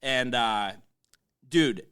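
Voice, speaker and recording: A man in his twenties telling a story in casual chat, animated, swearing and laughing as he goes. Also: medium pitch, drawn-out words, clean tone. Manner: animated, swears often, laughs mid-sentence.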